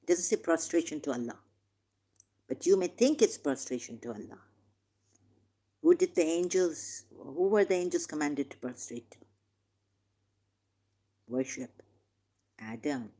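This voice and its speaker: A woman reading scripture aloud and commenting on it with passion, slowing down for the verses and pausing with hesitations. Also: low-pitched, expressive, dark tone. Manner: impassioned, reads verses slowly with hesitations. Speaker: religious commentator.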